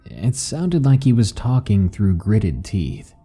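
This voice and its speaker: A man narrating a horror story in a calm, measured, ominous delivery. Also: fairly low pitch. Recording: faint background music.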